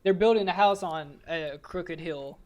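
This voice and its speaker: High-voiced man chuckling mid-sentence. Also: measured pace, darkish tone. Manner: joking, chuckles through his sentences. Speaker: podcast co-host. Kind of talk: casual chat.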